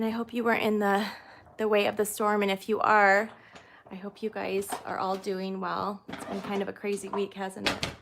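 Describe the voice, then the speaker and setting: A friendly woman runs a live crafting demo from her craft room, chatting easily with viewers as she works. Her voice sits at an ordinary middle pitch for a woman, relaxed and conversational. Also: creaky, a little hiss or hum. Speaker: card-making demonstrator and host. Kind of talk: live crafting tutorial, casual chat.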